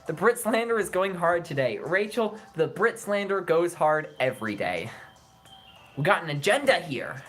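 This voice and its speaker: A young woman talks through a video game in a loose, joking way. She teases and reacts quickly. Her voice sits a little low but leaps all over the place. Faint music plays behind her. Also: big pitch swings. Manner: playful, teasing, quick mood swings. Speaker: gaming streamer. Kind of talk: casual let's-play commentary.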